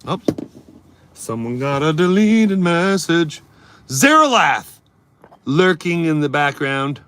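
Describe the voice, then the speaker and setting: A man's voice: on the high side, sing-song, slow pace, a bit bright, slight background noise. A man telling a long story on a casual live stream, acting out his own thoughts as he rambles through it. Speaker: livestreamer reading chat.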